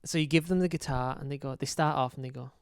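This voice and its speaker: A man co-hosting a podcast, telling rambling anecdotes casually and often dropping to a softer voice. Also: mid-range voice, fast talker, creaky, clear, resonant tone, no room sound, studio quality. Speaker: podcast co-host, musician.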